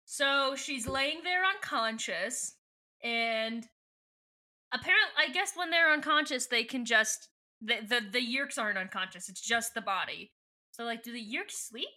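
A young woman co-hosting a laid-back podcast, recapping a story with frequent giggles. Her voice is very bright and sharp, pitched a little high, and she slips in and out of reading characters' lines without fully acting them. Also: animated, a little slow. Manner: giggly, reads quoted lines in a loose, storytelling way. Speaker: podcast co-host. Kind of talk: casual chat retelling a book.

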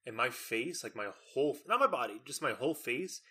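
A man's voice: medium pitch, lively intonation, a little fast, pushed and bright, breathy edge. A young man from Texas in casual chat, talking loosely with many fillers.

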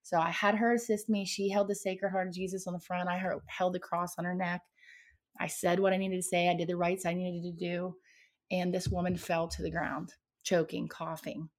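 A woman's voice: lowish voice, little pitch movement, moderate pace. A woman guest on a podcast, telling a personal paranormal story in a dramatic, vivid way.

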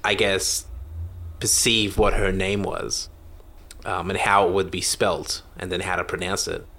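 A man's voice: deep voice, fairly even intonation, a little slow, gravelly, bright, forceful tone. A man with an Australian accent in a rambling casual chat, talking through stories with lots of restarts and self-deprecating asides.

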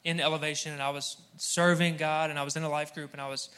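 A man's voice: on the high side, flat delivery, fast talker, bright, forceful tone, clear, resonant tone. A young man preaching a sermon to a live congregation in a church, humorous and conversational, speaking straight to the crowd. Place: church hall with audience.

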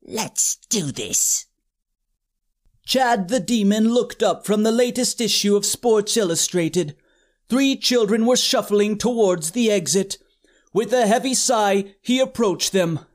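A narrator reading a comic story in a dry, deadpan manner. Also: medium pitch, a little slow. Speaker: audiobook narrator.

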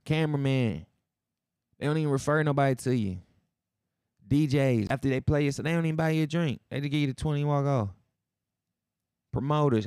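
A man's voice: mid-range voice, a little fast, long pauses, a little mellow, clean tone, no echo, studio quality. A man hosting a podcast, talking alone in a loose, profane, slang-heavy style, acting out the people in his stories. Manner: loose, profane storytelling with slang and reenacted dialogue. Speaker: podcast host. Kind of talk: casual monologue.

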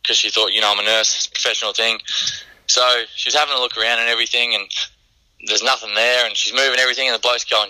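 Bright-voiced man telling a joke. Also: mid-range voice, fairly even intonation, fast, poor audio. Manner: rambling storyteller, many fillers. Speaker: phone-in guest telling a joke. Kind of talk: casual phone chat and joke telling.

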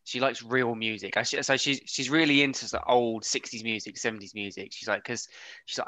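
A man, a band member, chatting on a podcast in a halting, hedging way. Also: medium pitch, fairly even intonation, pushed and bright, no echo. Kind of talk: casual podcast chat.

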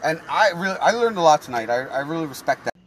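A man's voice: fairly high pitch, expressive, fast talker, a bit bright. A man hosting a podcast, chatting loosely with lots of swearing. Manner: loose, profane, rambling. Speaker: podcast host. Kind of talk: casual chat.

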